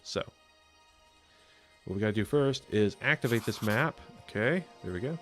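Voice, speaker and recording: Animated and a bit bright, a man with a lowish voice comments on his game live at a normal speed. Faint game music plays as he rambles, thinks aloud with many fillers, and chats with viewers in a self-deprecating way.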